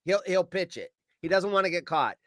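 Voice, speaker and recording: A man with a fairly high, swooping voice tells his story with lots of energy. He shouts his own quoted lines and swears as he acts them out. The sound is dry and close. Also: expressive, a little fast, no room sound. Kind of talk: animated storytelling.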